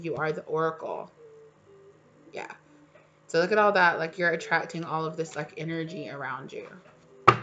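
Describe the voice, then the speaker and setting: A woman's voice: lowish voice, a bit bright, dull audio, a little hiss or hum. A woman giving a casual, encouraging tarot reading to her viewers, talking loosely with lots of "you know" and "like". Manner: chatty and encouraging, many fillers like "you know". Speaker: tarot reader.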